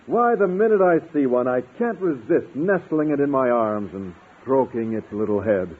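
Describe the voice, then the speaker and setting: A man's voice: medium pitch, expressive, normal speed, close to an everyday voice. An actor playing a mild, earnest man biology teacher in a 1950s radio comedy. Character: shy, gentle man biology teacher, fond of animals. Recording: tinny old radio broadcast.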